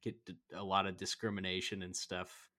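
Low-voiced, rambling male podcast co-host. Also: completely flat delivery, fairly quick, sharp tone. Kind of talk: casual podcast chat.

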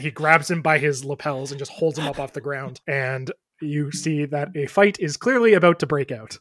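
Relaxed man running a tabletop game. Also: a little high, normal speed, hardly any pauses, dry recording, studio quality. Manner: relaxed, playful narration with fillers. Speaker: dungeon master.

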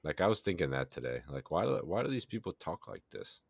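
A man's voice: low voice, big pitch swings, a little fast, gravelly, slight background noise. A man co-hosting a casual podcast, blunt and profane with a joking edge. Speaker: podcast co-host. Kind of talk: casual chat.

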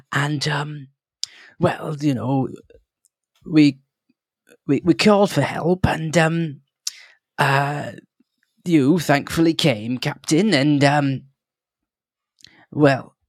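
A man's voice: on the high side, breathy edge, no echo, studio quality, voice pushed up, heavily acted. A man voicing a nervous, chatty male halfling prospector who rambles and apologizes with stammers.

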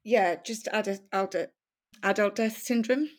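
A Welsh woman of middle age tells her life story as a podcast guest, conversational and frank, with plenty of laughter. Her voice is medium-pitched and her pace slow.

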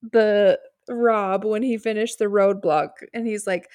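A woman's voice: medium pitch, fairly even intonation, unhurried, a little mellow, smooth, dry recording. A woman co-hosting a podcast, chatting casually and laughing often. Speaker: podcast co-host. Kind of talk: casual recap chat.

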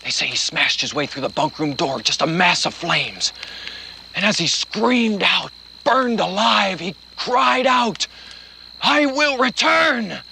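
A man voicing a gruff campfire storyteller in a put-on accent, telling a camp legend in a low, hushed manner that keeps slipping into whispers. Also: animated, slow, slight background noise, full character voice, rough recording. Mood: rising frenzy. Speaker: podcast co-host.

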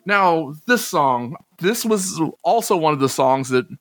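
A man talks casually about old chart hits, drifting into asides. His voice sits a little high, and the sound is dry and close. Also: expressive, a little slow, dry recording. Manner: chatty, conversational, trails into asides. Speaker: podcast co-host.

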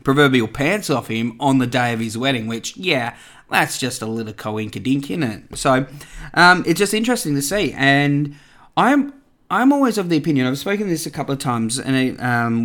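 Man, podcast host, casual solo chat, rambling, filler-heavy, mid-pitched voice. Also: fairly bright tone. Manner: rambling, chatty, full of fillers and asides.

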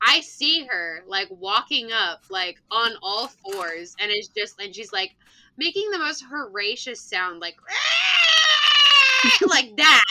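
A young woman, a teacher, telling a classroom story in animated casual chat, swearing freely and acting out the voices. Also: mid-range voice, a little slow, noisy background. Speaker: elementary school teacher and podcast player.

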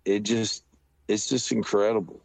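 A man co-hosting a casual podcast chat, rambling and halting as he works through his ideas. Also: on the low side, flat delivery, gravelly, a little mellow, no room sound. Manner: rambling, slow and halting, with restarts. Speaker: podcast co-host.

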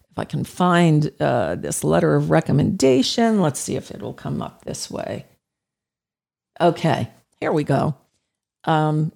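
Animated middle-aged woman radio host. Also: on the low side, vocal fry. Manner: conversational, animated anecdotes with frequent fillers. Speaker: radio talk show host. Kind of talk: casual storytelling monologue.

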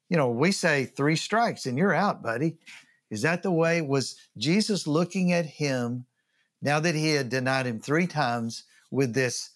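A male pastor preaching a sermon in a conversational way, often asking his listeners questions. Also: fairly high pitch.

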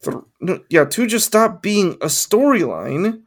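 A man's voice: sits high, sing-song, unhurried. A man co-hosting a casual movie review podcast, rambling with lots of fillers and the odd swear. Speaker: podcast co-host.

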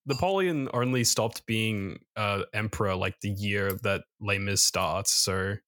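Joking podcast host with a dry close mic. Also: male voice, on the low side, measured pace, fairly bright tone, no room sound. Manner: joking, laughs at his own slips. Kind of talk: casual chat.

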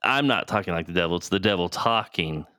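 A man's voice: deep voice, animated, brisk, pushed and bright, no room sound, studio quality. A man co-hosting a casual podcast, asking many questions and laughing often, on a new cheap mic. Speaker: podcast co-host. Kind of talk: casual chat.

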